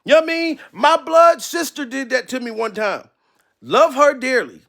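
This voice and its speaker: A man with a very high, gravelly voice delivers a comedic rant, loud and profane. He sounds exasperated and often breaks into shouts. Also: lively intonation, normal speed. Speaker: commentary host.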